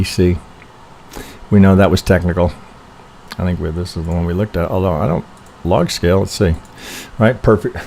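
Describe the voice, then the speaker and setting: A man's voice: on the low side, a little mellow, a little hiss or hum. A man reviewing trading charts on a casual live stream, rambling and self-interrupting, tagging "right?" onto his points, a little congested from allergies. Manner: rambling, self-interrupting, frequent "right?" tags and mild swearing.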